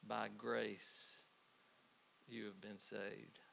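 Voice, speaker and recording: Man preaching, bright voice, casual storytelling with restarts, faint hiss. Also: fairly low pitch, flat delivery, creaky. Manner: conversational preaching with halting restarts in anecdotes. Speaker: pastor. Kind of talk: sermon.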